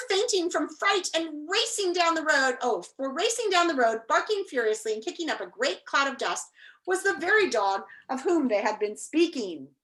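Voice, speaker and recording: A woman teacher reading a children's book aloud to her class on a video call, in an expressive, animated way. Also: sits high, moderate pace. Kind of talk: storybook read-aloud.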